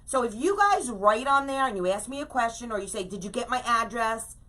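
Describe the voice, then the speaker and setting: A middle-aged woman hosts a live crafting stream, speaking casually into her camera mic. Her voice is bright and sits fairly high. She talks in an exasperated, emphatic way and keeps asking "okay?" to press her point. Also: lively intonation, brisk.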